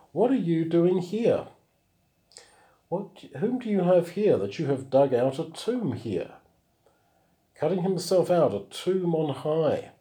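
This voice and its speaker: A man with a medium-pitched, warm voice teaches the Bible verse by verse. In an explanatory way, he reads each passage aloud and then comments on it.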